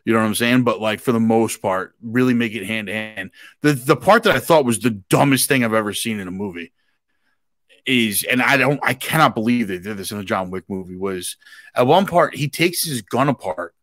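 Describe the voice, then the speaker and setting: Low-voiced man in casual movie chat. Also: a little fast, no echo, studio quality. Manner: animated, swears casually. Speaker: podcast co-host.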